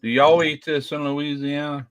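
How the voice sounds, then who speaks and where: A man's voice: fairly high pitch, flat delivery, normal speed, a crowd in the background. A friendly, chatty man in a casual conversation, talking about his home cooking. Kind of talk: casual chat.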